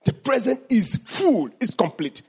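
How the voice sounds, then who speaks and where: A man's voice: extremely high pitch, sing-song, a little slow, a little mellow, slightly rough. A man teaching mindfulness to an audience, asking them questions and then answering them himself.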